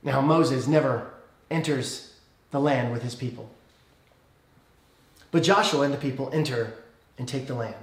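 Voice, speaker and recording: A man preaching a sermon as pastor, telling a story earnestly and praying softly. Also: a little slow, long pauses, roomy sound. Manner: earnest storytelling, dropping soft and low in prayer.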